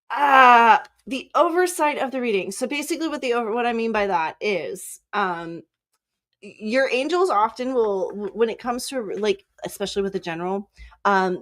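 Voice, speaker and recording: A woman's voice: mid-range voice, fairly bright tone. A woman from Southern California giving a casual, chatty tarot reading, often breaking into laughter. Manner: giggly, chatty, frequent laughter. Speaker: psychic reader.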